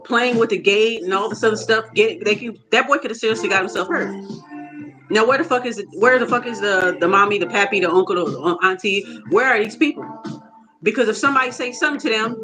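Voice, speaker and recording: A woman telling a casual, profane story, animated and often laughing. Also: fairly high pitch, poor audio. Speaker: tarot reader vlogger.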